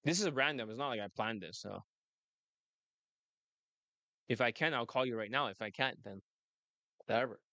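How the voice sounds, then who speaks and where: A man's voice: mid-range voice, normal speed, pauses often, bright, forceful tone, dry recording. A man working as a dating coach, talking in a brash, rambling way and laughing often. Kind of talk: casual monologue and phone chat.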